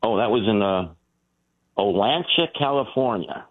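A man calling in to a radio show, telling a story in a rambling, animated way with many restarts. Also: on the low side, measured pace, slight background noise. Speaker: caller. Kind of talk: call-in storytelling. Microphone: telephone. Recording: tinny phone line.

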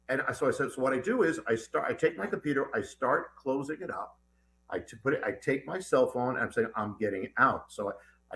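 A middle-aged man, a guest author in an interview, telling a personal story in an animated, urgent way with many restarts. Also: mid-range voice.

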